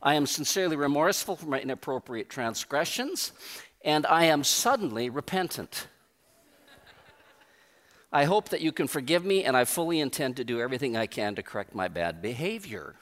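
A man's voice: medium pitch, lively intonation, moderate pace, fairly bright tone, close to an everyday voice. A man voicing a polite, remorseful male parrot who speaks in a formal, overly proper way. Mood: contrite.

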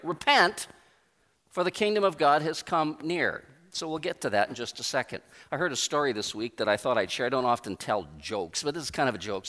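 A man preaching a sermon as pastor, emphatic, with pauses and repeated phrases. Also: medium pitch, a bit bright. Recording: long reverb of a large hall.

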